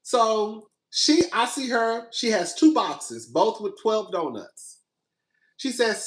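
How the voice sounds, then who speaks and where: A man's voice: high voice, animated, takes it slowly, a bit bright. Sassy, exasperated man ranting in an echoey room. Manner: sassy, exasperated, profane, dramatic. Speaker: podcast host. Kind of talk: casual storytelling rant.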